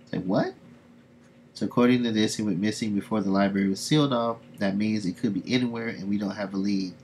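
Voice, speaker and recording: A man's voice: lowish voice, steady tone, fast, a little mellow, a little hiss or hum. A man hosting a casual livestream, reading comics aloud and chatting to viewers, often laughing between remarks. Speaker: livestream host.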